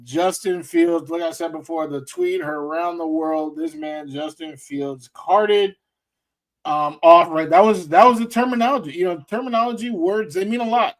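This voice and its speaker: A man's voice: a little high, normal speed. A man co-hosting a casual sports talk show, loose and playful, repeating phrases for effect. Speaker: podcast co-host.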